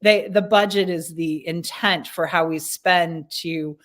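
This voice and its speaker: A woman guest in a casual podcast interview, thinking aloud slowly with many fillers and restarts. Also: lowish voice, steady tone, fairly bright tone. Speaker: leadership consultant guest.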